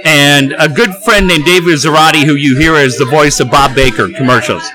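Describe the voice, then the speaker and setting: Casting note: middle-aged man with a high voice, animated and profane, music clearly behind. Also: moderate pace, poor audio. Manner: animated, profane, acts out quoted dialogue. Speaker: radio host as guest. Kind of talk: casual storytelling.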